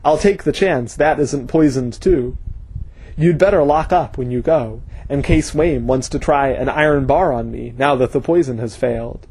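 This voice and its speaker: Guy reading a hard determined man, forceful, bit husky. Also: mid-range voice, normal speed. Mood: weak. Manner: intense, forceful. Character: grim determined man, ruthless avenger.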